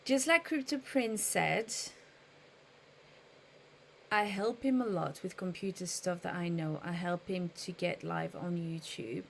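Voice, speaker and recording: A woman's voice: lowish voice, a little slow, gravelly, a little hiss or hum. A woman live streaming in casual chat, thinking aloud and patiently explaining trading to her viewers.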